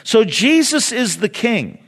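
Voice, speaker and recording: A man from California preaching a conversational sermon in a church, with dramatic pauses. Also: very high voice, sing-song, fairly bright tone, slightly rough. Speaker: pastor.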